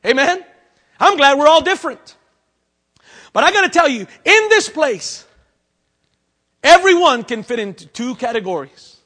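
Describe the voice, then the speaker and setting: In church, a pastor's sermon rings out in a very high, bright voice full of big pitch swings. He goes from dramatic near-shouting to hushed, intimate asides, speaking a little slowly with long pauses.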